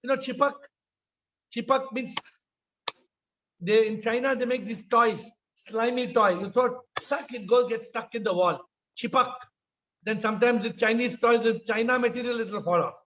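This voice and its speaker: A man's voice: very high-pitched, normal speed, a bit bright, slight background noise. An older man with an Indian English accent giving an informal spiritual talk on a video call, acting out voices in his stories and often asking "huh?". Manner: storytelling, acts out quoted voices, frequent "huh?". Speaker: spiritual teacher. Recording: slightly dull video call audio.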